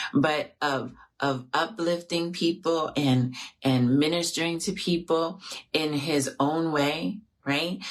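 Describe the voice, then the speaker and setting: Very low-voiced woman, earnest and grieving. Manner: earnest, reflective, speaks to viewers directly, often adds "right?". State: grieving, close to tears. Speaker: host of an affirmations show. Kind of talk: heartfelt off-the-cuff talk.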